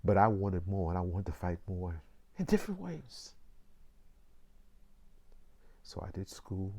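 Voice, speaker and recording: An older man in his sixties tells a personal story in a deep, mellow voice. He speaks slowly and takes deliberate pauses between phrases. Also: sing-song. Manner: slow, measured, with deliberate pauses.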